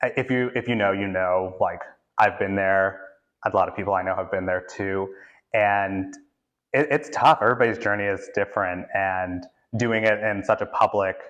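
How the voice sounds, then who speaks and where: A man's voice: sits low, steady tone, normal speed, a bit bright, highs cut off. A man hosting an interview, talking casually and affirming his guest with frequent agreement. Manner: affirming, frequent mm-hmms and yeahs. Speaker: interviewer host.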